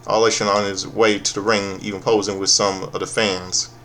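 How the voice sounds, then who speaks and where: Sarcastic man recapping wrestling, low voice. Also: flat delivery, fairly bright tone, a little hiss or hum. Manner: profane, sarcastic, halting with restarts. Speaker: wrestling show reviewer. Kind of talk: casual recap commentary.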